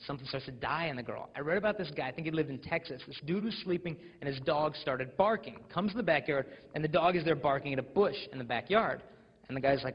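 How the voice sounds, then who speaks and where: A young American man speaks to a crowd of teenagers, telling stories with energy and slipping into mimicked voices. His voice sits fairly high with a husky edge. The sound carries a long hall echo and a dull, lo-fi tone. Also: quick pace. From United States. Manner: animated storytelling, mimics voices. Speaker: school speaker. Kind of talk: live motivational talk to teens. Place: school auditorium.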